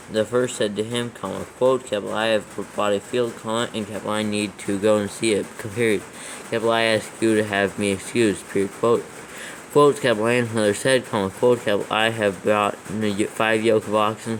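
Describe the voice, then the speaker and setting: The audio is poor with slight background noise as a man, his voice on the low side, dictates scripture for proofreading. He reads at a steady pace and calls out each comma, capital letter and quotation mark.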